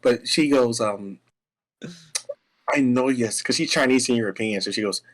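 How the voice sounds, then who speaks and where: A young man tells a personal story in a loose, rambling way, stumbling and restarting as he goes. His voice sits at an everyday middle pitch, and his telling stays lively. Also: brisk, poor audio. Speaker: guest. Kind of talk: casual storytelling chat.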